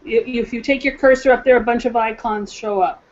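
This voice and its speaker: A woman hosting a webinar, giving quick, practical directions. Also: on the high side, fairly even intonation. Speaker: webinar host. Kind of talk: casual instructions. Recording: dull web call audio.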